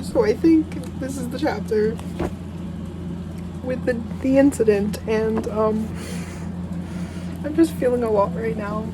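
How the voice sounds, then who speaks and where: Gushing young woman, slow-spoken. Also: medium pitch, background noise. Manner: gushing and emotional, with frequent fillers. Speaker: book vlogger. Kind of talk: casual reading vlog.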